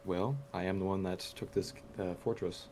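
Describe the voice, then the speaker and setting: A man playing a tabletop game who speaks in character in a dry, deadpan way. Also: deep voice, normal speed, slight background noise. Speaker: player.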